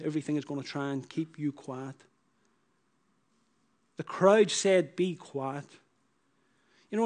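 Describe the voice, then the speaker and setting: This is a man's sermon in which he repeats phrases, moving between forceful, loud bursts and soft, low passages.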